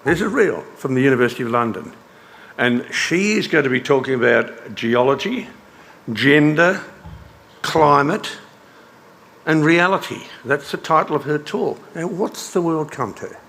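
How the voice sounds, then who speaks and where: A man's voice: a little high, expressive, a little slow, vocal fry, fairly bright tone. An older Australian man giving a sardonic, mocking conference speech. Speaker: conference speaker.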